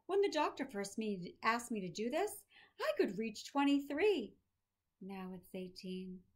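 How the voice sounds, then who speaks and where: A woman voicing a dying elderly male professor who speaks softly, calmly and without self-pity. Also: a little high. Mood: wistful. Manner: soft, gentle, unhurried.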